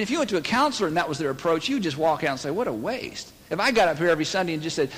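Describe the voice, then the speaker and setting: A man's voice: high-pitched, fairly bright tone, long reverb tail. A man preaching a sermon to a church congregation in a conversational way, acting out the voices of the people he quotes. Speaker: pastor. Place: church sanctuary.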